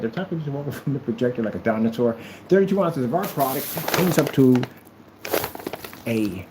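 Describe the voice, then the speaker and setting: A man's voice: medium pitch, warm tone, a little hiss or hum, poor audio. A man presenting a product in a casual demo video, talking in a playful, exaggerated sales manner.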